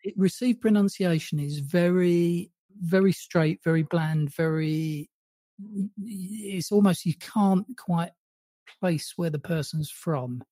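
A man's voice: on the high side, slow, mellow, no echo. A man from England with a received pronunciation accent, a podcast host chatting casually and laughing often. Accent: English received pronunciation. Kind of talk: casual conversation.

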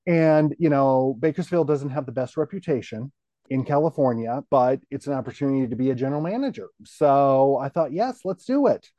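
A middle-aged man, a guest on the show, telling his career story in a relaxed, rambling way full of "you know" fillers. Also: medium pitch, a little fast, no echo, dull audio. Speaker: guest, TV station general manager.

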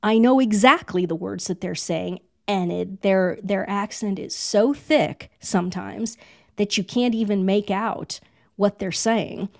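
Gravelly-voiced woman hosting a podcast. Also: medium pitch, measured pace, darkish tone. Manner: emphatic, repeats phrases for effect. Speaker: podcast host. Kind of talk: casual podcast conversation.

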